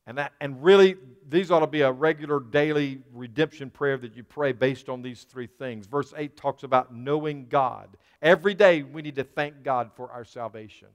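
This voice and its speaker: With hardly any pauses, a man serving as pastor delivers a sermon at normal speed in a mid-range voice, his emphasis growing fervent. The long reverb of a large hall fills the church sanctuary.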